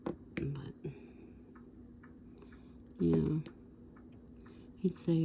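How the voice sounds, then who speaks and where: Slow, low-voiced woman in her 60s. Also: warm tone, a little hiss or hum. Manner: rambling, digressive, with asides to viewers. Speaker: vlogger. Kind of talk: casual storytelling.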